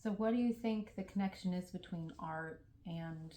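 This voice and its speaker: A woman's voice: lowish voice, moderate pace, echoey room. A woman hosting an interview, affirming the guest with frequent short responses. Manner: warm affirming listener, many short responses. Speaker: interview host. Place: gallery.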